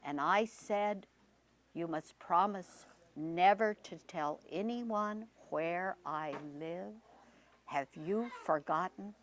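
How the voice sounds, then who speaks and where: A woman storyteller voicing a calm, dignified male magical deer who speaks slowly and gravely. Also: a little high, a little hiss or hum. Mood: reproachful. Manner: slow, grave and reproachful.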